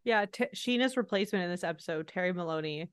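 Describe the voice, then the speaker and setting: A woman's voice: fairly low pitch, fast, clear, resonant tone, no room sound, studio quality. A woman co-hosting a podcast, chatting in a wry, sarcastic way and laughing often. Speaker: podcast co-host. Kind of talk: casual recap chat.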